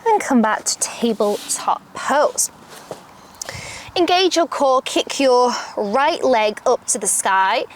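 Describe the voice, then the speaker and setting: A young adult woman teaching a yoga class outdoors, giving calm step-by-step cues. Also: fairly high pitch, slow pace, a little hiss or hum. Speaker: yoga instructor. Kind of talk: guided yoga class instruction. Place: outdoors, birds audible. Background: faint outdoor ambience with birdsong.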